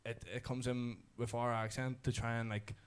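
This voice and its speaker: A man's voice: mid-range voice, flat delivery, normal speed, clear, resonant tone. Rambling young man. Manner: rambling explainer, restarts, many "like"s. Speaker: rapper guest. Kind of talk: casual radio studio chat.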